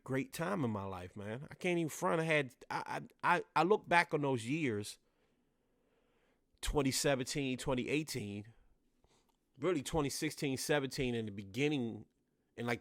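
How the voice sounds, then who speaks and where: Dc guy doing a solo podcast rant, talks right at the fellas, mid pitch, dry close sound. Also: no room sound. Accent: Washington DC. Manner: emphatic, repeats phrases for stress, addresses listeners directly. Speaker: podcast host.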